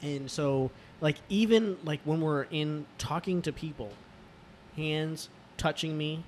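Man, somewhat high voice, halting casual story, faint background noise. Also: darkish tone. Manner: hesitant storyteller, many fillers and restarts. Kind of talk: casual chat.

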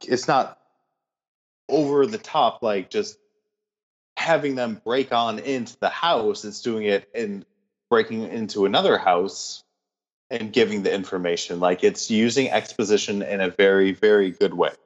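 A man co-hosting a casual podcast, relaxed and thinking aloud as he talks. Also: on the low side, unhurried, dull audio. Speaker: podcast co-host. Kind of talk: casual chat.

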